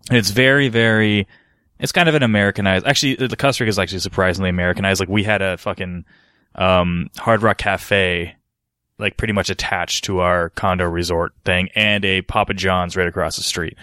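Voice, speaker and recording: A man's voice: low voice, steady tone, fairly quick, bright, forceful tone, clean tone, no room sound, clean studio sound. A man from Canada, a podcast co-host, telling a rambling story in casual chat, swearing freely.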